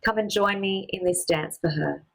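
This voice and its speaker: A woman performing a personal spoken-word story, with a measured, poetic and deliberate delivery. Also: medium pitch, vocal fry, poor audio.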